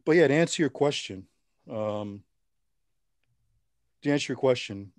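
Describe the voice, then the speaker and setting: A middle-aged man, an interview guest, telling his story in a relaxed, wry way with frequent restarts. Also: mid-range voice, unhurried, no room sound.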